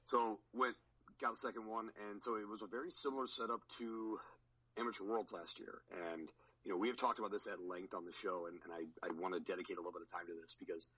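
A man's voice: fairly low pitch, fairly even intonation, quick pace, bright, forceful tone, slightly rough, dull audio. A man on a podcast recounting his powerlifting meet in a rambling, casual way, with many restarts. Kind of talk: casual chat.

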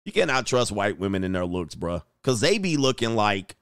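A young man giving casual, crude reaction commentary, loud and animated, laughing often. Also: on the low side, moderate pace, smooth, no echo, studio quality.

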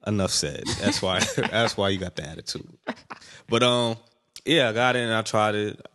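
A man's voice: fairly low pitch, moderate pace, bright, forceful tone. A young man co-hosting a podcast in casual chat, laid-back and teasing as he tells a story. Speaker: podcast co-host.

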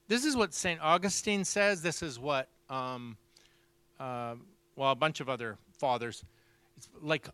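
A man preaching, telling a story with lively acted-out dialogue. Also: on the high side, no echo. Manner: animated storyteller, acts out dialogue. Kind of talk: sermon storytelling.

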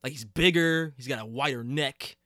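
A young man co-hosting a casual podcast chat, opinionated and animated, swearing and laughing often. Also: medium pitch, moderate pace, dry recording, studio quality. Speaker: podcast co-host. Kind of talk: casual chat about superhero movies.

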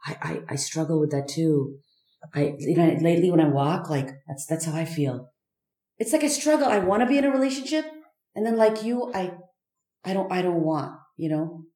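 A woman speaking candidly as a podcast guest, halting and searching, with many fillers and restarts. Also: low-pitched, expressive, mellow, roomy sound. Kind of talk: candid personal conversation.

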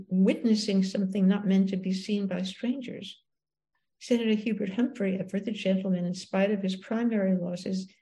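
Mellow-voiced woman in her eighties. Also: medium pitch, rough recording. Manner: reflective, halting restarts when speaking freely. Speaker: author and filmmaker. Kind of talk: reading her memoir aloud, then interview answers.

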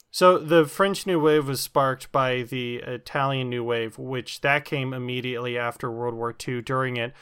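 A man's voice: medium pitch, fairly even intonation, moderate pace, hardly any pauses, fairly bright tone, smooth. A man explaining something at length in a casual comic chat, with plenty of ums and restarts. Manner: rambling explanation with many fillers and restarts.

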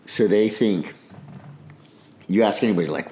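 Blunt veteran guest, low voice, plainspoken storyteller, roomy echo. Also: male voice, fast talker, long pauses, a little mellow. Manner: blunt, frank, swears, tells stories with acted-out dialogue. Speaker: podcast guest, army special operations veteran. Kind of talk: casual interview talk.

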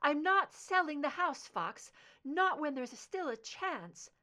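A woman reader voicing an older mother who refuses to let go, high and pleading, breaking into cries. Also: very animated, extremely slow, sharp tone, heavily acted. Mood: distraught. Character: older mother, grieving and defiant.

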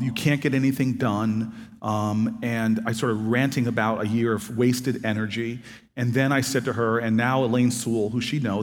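In a reverberant hall, a man with a mid-range voice tells a story. He's an author and former city politician, and his animated anecdote has him acting out both sides of the dialogue.

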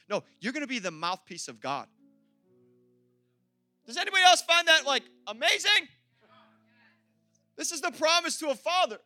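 Bright high-voiced man preaching. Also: normal speed, long pauses, no room sound, faint music behind. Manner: energetic, exclamatory preaching with playful asides. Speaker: pastor. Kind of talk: sermon.

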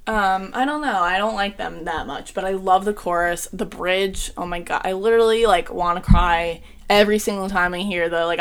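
A woman's voice: lowish voice, moderate pace, few pauses, clear, resonant tone. A young woman co-hosting a casual podcast, gushing and emotional, choked up and near tears, with lots of "like" and "um". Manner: gushing, emotional, says "like" and "um" a lot. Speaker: podcast co-host.

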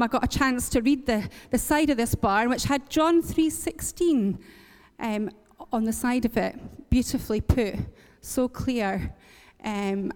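A woman's voice: on the high side, darkish tone, big-room sound. A woman from Northern Ireland preaching a sermon, earnest and encouraging, repeating lines for emphasis. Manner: earnest, encouraging, with light laughs and repetition for emphasis.

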